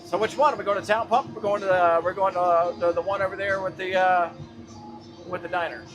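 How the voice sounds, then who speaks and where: A man's voice: high voice, fairly even intonation, fairly quick, music in the background. A man, a long-haul truck driver, chatting casually on a livestream while he drives, exasperated and swearing freely as he rambles. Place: truck cab on the road.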